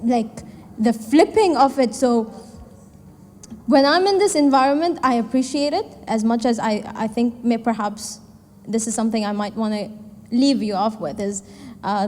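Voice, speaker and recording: A woman's voice: fairly high pitch, a little mellow, a little hiss or hum. A woman in her twenties, a startup founder, telling a candid personal story to an audience with many fillers and acted-out quotes. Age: 20s. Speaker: startup founder and event speaker. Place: event hall. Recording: long hall reverb.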